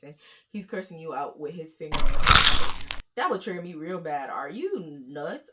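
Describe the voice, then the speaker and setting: A woman's voice: low-pitched, noisy background. Chatty young woman reacting to videos. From Florida. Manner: chatty, animated, lots of fillers. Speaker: commentary YouTuber. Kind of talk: casual reaction commentary.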